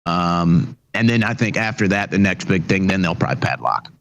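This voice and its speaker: A man co-hosting a live show, speaking in a measured, reassuring way. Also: low-pitched, animated, vocal fry, a bit bright, dull audio. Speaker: co-host.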